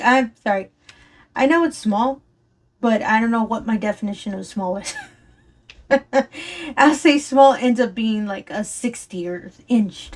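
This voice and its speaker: A woman chatting casually and rambling while she works on a craft, her voice a little strained from allergies, often apologizing and laughing. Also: medium pitch. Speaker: crafting vlogger. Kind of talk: casual chat while diamond painting.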